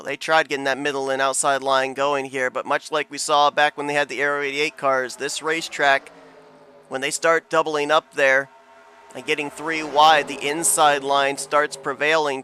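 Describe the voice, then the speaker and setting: A man calling a sim race in a bright, fairly high voice, chatty and quick, with sudden bursts of excitement. A faint hum sits under his voice. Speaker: race commentator. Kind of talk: sim racing broadcast commentary.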